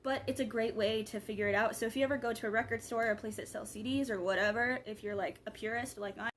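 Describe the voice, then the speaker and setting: A chatty young woman talks straight into her camera mic, rambling along with plenty of ums and likes. Her voice sits a little high for a woman, with a faint hiss of background noise behind it. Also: steady tone, fast. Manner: rambling, chatty, lots of fillers. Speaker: vlogger. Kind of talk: casual vlog chat.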